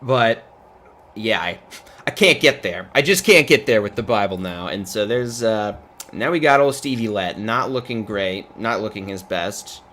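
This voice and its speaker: Sarcastic male commentary host, lower voice, casual and joking, laughing often. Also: animated, unhurried, a bit bright, slight background noise.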